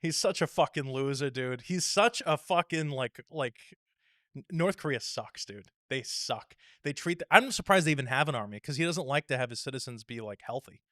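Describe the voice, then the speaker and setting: Bright-voiced, profane podcast host. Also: male voice, mid-range voice, expressive, moderate pace, no echo, clean studio sound. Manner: profane, rambling, talks over his co-host. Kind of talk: casual podcast banter.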